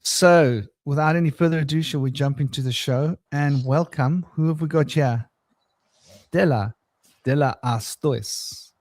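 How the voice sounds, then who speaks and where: A man's voice: a little high, normal speed, a little mellow, no room sound. Rambling, chuckling man hosting a chat. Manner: rambling, stumbling over words, laughs often. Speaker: podcast host. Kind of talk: casual chat.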